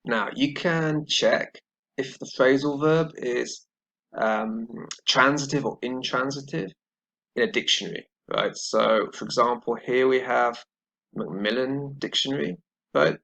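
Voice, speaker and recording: A man's voice: medium pitch, vocal fry, pushed and bright, rough recording. A man teaching an English grammar lesson, explaining patiently and checking in with "right?" after most points. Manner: explains slowly, often adds "right?" and "all right?".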